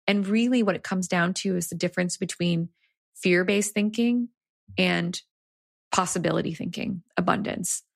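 A woman's voice: fairly low pitch, moderate pace, creaky, no room sound, clean studio sound. A woman, an executive coach and author, telling a story in an earnest, reflective way as an interview guest.

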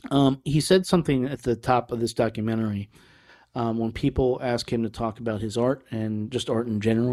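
A man's voice: mid-range voice, darkish tone. Guy hosting a music show, chill rambly chat about albums, lots of ums and restarts, normal mid voice. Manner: loose and rambling, with fillers and self-corrections; laughs lightly between remarks. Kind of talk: casual music review chat.

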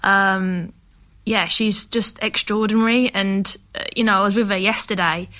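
A woman's voice: medium pitch, fairly even intonation, normal speed, pushed and bright. A woman from England, a football pundit and podcast guest, telling stories in loose conversational chat. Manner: conversational storyteller, plenty of "like" fillers.

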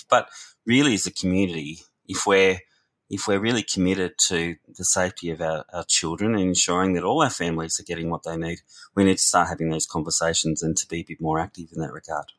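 In a deep voice, a man who's a researcher and ex-youth worker joins a podcast discussion, speaking with earnest reflection and often starting his words over.

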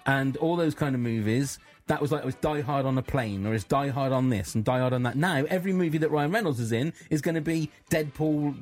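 A man's voice: medium pitch, a little fast, few pauses, a little mellow, soft background music. A man co-hosting a casual chat, sceptical and grumbling in banter. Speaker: co-host.

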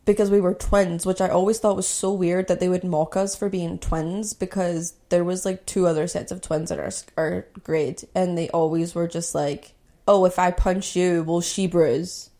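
A woman's voice: on the low side, level tone, moderate pace, few pauses, dark tone. A young woman from Scotland hosting a podcast, telling a personal story in a candid, conversational way with lots of "like" and "you know". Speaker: podcast host.

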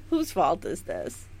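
A woman in her forties co-hosting a casual rewatch podcast, animated and mocking, with plenty of swearing. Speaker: podcast co-host.

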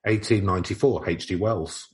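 A man's voice: deep voice, normal speed, darkish tone. A man co-hosting a casual comedy podcast, who reads old articles aloud in a playful, stiff old-fashioned voice. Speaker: podcast co-host.

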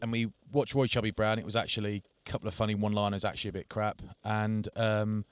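A man's voice: on the low side, flat delivery, quick pace, clear, resonant tone, no room sound. A middle-aged man co-hosting a podcast, telling self-mocking stories in casual chat. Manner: jokey storytelling, self-mocking. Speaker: podcast co-host.

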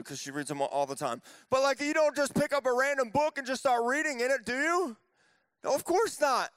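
A man's voice: very high voice, a bit bright, clear, resonant tone, no room sound. A man in his thirties preaching a casual, conversational sermon as pastor, telling the story with playful little voices.

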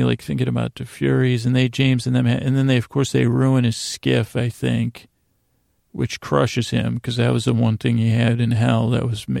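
A man's voice: mid-range voice, gravelly, darkish tone, no echo, studio quality. A man hosting a podcast, giving a casual, meandering recap meant to lull listeners to sleep. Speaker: podcast host.

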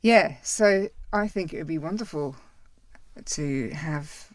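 A woman in easygoing podcast chat, with a low voice for a woman. She sounds reflective and laughs easily. The recording is dry and close, with no room sound. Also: slow, dry recording. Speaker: podcast co-host.

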